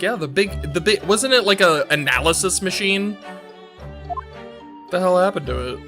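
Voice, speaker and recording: A streamer giving casual, excitable commentary over a story game, reacting loudly and swearing for emphasis. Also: mid-range voice, moderate pace, pauses often. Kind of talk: casual let's-play commentary. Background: game music.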